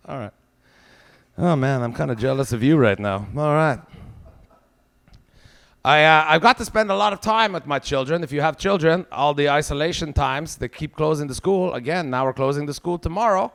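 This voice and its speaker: A man's voice: a little high, moderate pace, gravelly, fairly bright tone. A man in his forties with a Quebec French accent, doing a profane, exasperated stand-up rant. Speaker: stand-up comedian. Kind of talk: stand-up routine.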